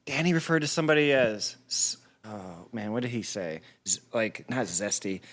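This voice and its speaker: A man's voice: fairly low pitch, animated, moderate pace, a bit bright. A man, a comedian guest on a podcast, telling stories in casual chat, rambling with many restarts and frequent swearing.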